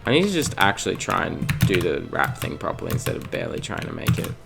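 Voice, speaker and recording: Low-voiced young gamer guy with some gravel, bursts into yelps, loud game music under him. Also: fast talker. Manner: self-mocking, excitable, with sudden yelps and gasps. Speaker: let's play host. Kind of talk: gaming commentary.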